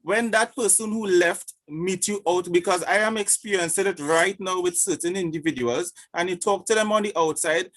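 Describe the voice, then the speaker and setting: A man's voice: high-pitched, normal speed, few pauses, a bit bright. A man speaking in a church forum over a video call, hesitant and full of fillers as he makes his points. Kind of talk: discussion contribution.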